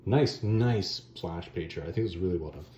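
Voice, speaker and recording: A man with a fairly low, mellow voice that swings widely in pitch as he retells a comic story in a casual, slangy way. He throws in offhand asides. The sound is roomy and a little dull. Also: moderate pace. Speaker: comic book reviewer.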